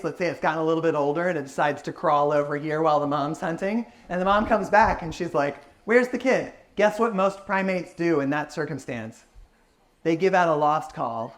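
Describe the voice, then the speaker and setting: Enthusiastic man answering audience questions. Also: a little high. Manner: enthusiastic, explanatory. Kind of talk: public science talk Q&A.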